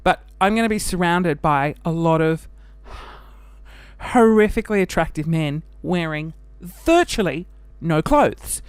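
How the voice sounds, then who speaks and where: A man's voice: on the high side, clean tone, dry recording. A man with an Australian accent, chatting animatedly and camply, hosting his own show. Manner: chatty and animated, camp, laughing, with quick bursts of mock voices. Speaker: podcast host. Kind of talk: casual chat.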